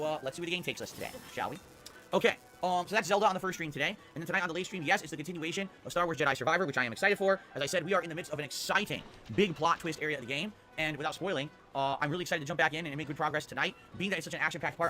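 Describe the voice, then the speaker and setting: A man's voice: on the high side, pushed and bright. A man, a game streamer, casually running through his streaming schedule in an upbeat, rambling way, often tagging sentences with "okay?".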